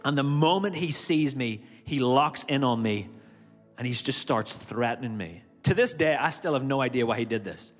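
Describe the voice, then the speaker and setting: A man's voice: mid-range voice, moderate pace. Irish man preaching in a reverberant hall. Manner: animated personal storytelling, acting out his own reactions. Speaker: church speaker. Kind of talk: sermon storytelling. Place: church auditorium. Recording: long hall reverb, faint music behind. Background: faint music.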